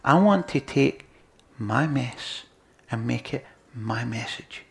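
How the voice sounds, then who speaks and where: Male preacher, gravelly, earnest sermon delivery with loud and hushed passages. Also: mid-range voice, animated, slow. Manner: earnest, swings between loud emphasis and quiet near-whispers.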